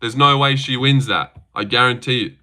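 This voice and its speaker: A young man hosting a casual livestream from a home setup, talking at a desk mic. His voice is bright and forceful at a middling pitch. He rambles loosely, swears, and trips over his words as he answers chat. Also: normal speed. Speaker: livestream host reacting to fights.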